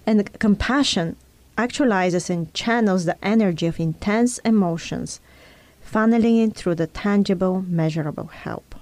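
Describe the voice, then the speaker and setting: A woman talks through ideas with an earnest, explanatory tone, using her own experiences as examples. Her voice is mellow and soft-edged. The sound is dry and close, with no room around it. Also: mid-range voice, moderate pace, dry recording. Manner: earnest, teaching tone with personal examples. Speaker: speaker in a conversation.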